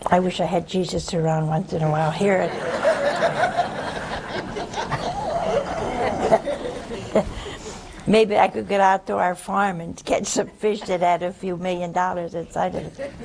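A woman preaching a lively sermon, with playful asides and chuckles to her audience. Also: medium pitch, slow, gravelly, long pauses, noisy background.

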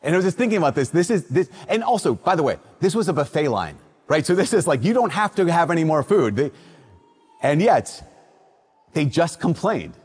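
A man with a husky, slightly raised voice preaches from the front of a church. His words ring out with a long echo through the hall. He is a priest from Minnesota, moving from a solemn Gospel reading into casual storytelling with lively asides. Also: on the high side, brisk. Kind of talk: Sunday Mass gospel reading and homily.

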